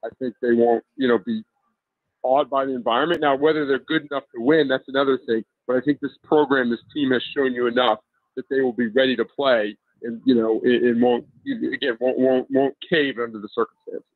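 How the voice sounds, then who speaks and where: A man's voice: mid-range voice, steady tone, a little fast, dry recording. A man who is a college football editor, giving sports radio analysis over the phone in an analytical way, stammering and restarting at times. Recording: tinny phone line.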